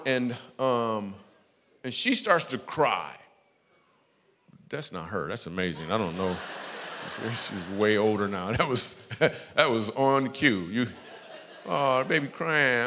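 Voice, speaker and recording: A man giving a guest sermon as a comedian, telling stories in an animated, jokey way that turns hushed and earnest. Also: medium pitch. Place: large church auditorium. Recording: long reverb from a big hall.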